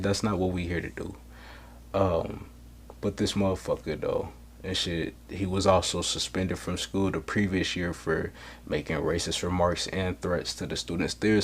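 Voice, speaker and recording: A man hosting a solo podcast, talking bluntly with heavy swearing, getting loud when worked up. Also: low voice, a little hiss or hum. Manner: blunt, profane street talk. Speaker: podcast host.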